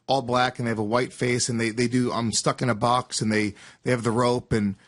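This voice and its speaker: A man's voice: medium pitch, flat delivery, a little fast. Brash American man, swearing freely. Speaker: podcast co-host. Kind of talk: casual podcast banter.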